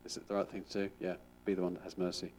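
A man's voice: sits low, little pitch movement, rapid-fire, darkish tone, slight background noise. A middle-aged man, a school chaplain, giving an informal sermon in a chatty, rambling way with frequent restarts.

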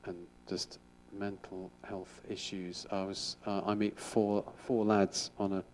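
A man's voice: fairly low pitch, flat delivery, slow, a little hiss or hum. A middle-aged man, a school chaplain, giving an informal sermon in a chatty, rambling way with frequent restarts.

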